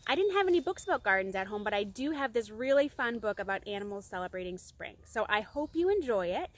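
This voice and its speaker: A woman reading a picture book aloud to children outdoors, expressive and chatty with her young listeners. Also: mid-range voice, fast talker. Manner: bright, expressive storyteller talking to kids. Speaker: children's storytime reader. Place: outdoors among singing birds.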